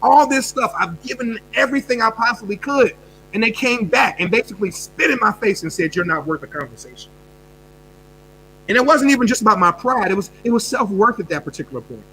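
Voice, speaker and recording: A man, a guest coach, answering a question with an energetic, animated story, repeating words and jumping between fast bursts and quiet drops. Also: very high-pitched, a little hiss or hum, rough recording. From United States.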